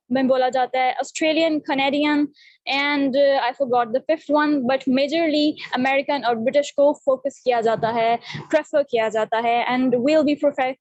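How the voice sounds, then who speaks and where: A young woman from Pakistan runs an online English class over a video call, her voice high and the sound dry and close. She moves between English and Urdu and fills her pauses with "uh" and "you know.". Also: darkish tone, no room sound, poor audio. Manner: switches between English and Urdu, many fillers.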